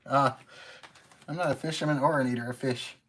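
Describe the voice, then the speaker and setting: A man hosting a casual livestream while he cooks. He talks in a chatty, expressive way and laughs easily. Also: mid-range voice, fairly quick. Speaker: cook and livestream host. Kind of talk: casual live-stream chat while cooking.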